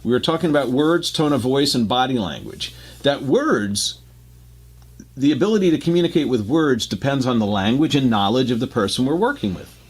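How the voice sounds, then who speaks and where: A man's voice: mid-range voice, big pitch swings, fairly quick, slightly rough. Chatty male radio co-host. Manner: explanatory, loose and chatty with restarts. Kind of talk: casual radio talk.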